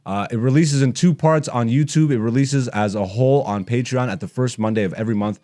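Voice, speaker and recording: A man's voice: mid-range voice, a little fast, few pauses, mellow. A man in his thirties, a comedian hosting his podcast, ranting bluntly and profanely while gaming.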